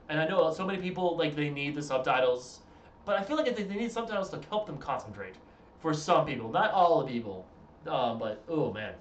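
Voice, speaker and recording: A man's voice: on the high side, a bit bright, a little hiss or hum. A tired young man streaming from home, chatting casually with his audience in a rambling, self-interrupting way. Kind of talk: casual live-stream chat. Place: room at home. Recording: roomy echo, from a distance.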